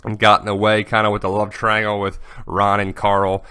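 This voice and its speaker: A man's voice: lowish voice, monotone, moderate pace, pushed and bright, smooth, no echo, studio quality. A man hosting a casual fan commentary, chatty and offhand as he runs through a list. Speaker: host.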